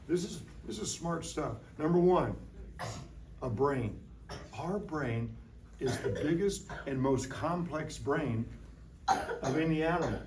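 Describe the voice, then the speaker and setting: A man teaching a lively science lesson to young children in a classroom, playful and full of call-and-response. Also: on the high side, slight background noise. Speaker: science educator visiting a class. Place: school classroom. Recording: roomy room from a distant mic.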